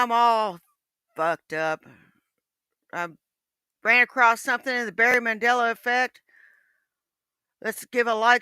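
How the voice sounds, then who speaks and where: A woman's voice: on the high side, pushed and bright, clean tone, no echo. Brief: woman streamer, dry close sound, folksy and profane chatter. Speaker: livestream host. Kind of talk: casual livestream chat.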